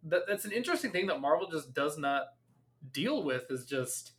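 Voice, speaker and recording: A man co-hosting a podcast in casual chat, talking haltingly and peppering his sentences with "like". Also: a little high, very animated. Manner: halting, heavy use of "like". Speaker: podcast co-host.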